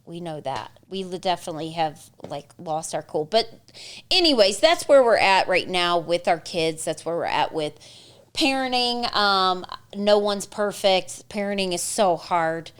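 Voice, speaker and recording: Woman, young adult, lowish voice, casual co-host chat, animated storytelling. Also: a little slow, smooth. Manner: lively storytelling with laughs and quoted dialogue.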